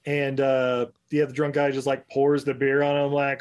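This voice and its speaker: A man hosting a casual podcast chat who recaps a movie, laughs often and slips into rough put-on voices when quoting. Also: medium pitch, monotone, moderate pace.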